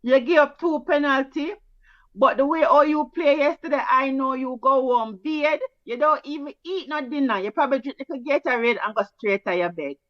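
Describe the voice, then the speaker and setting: Teasing Jamaican woman, high voice. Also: no room sound. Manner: teasing, quick-fire. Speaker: co-host. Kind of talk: casual sports chat. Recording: dull, dry, lo-fi mic.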